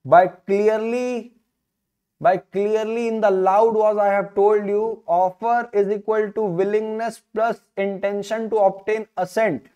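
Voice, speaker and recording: A man's voice: high voice, dark tone. A man with an Indian English accent teaching a law lecture online, repeating key phrases with emphatic, rhetorical questions. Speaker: law tutor.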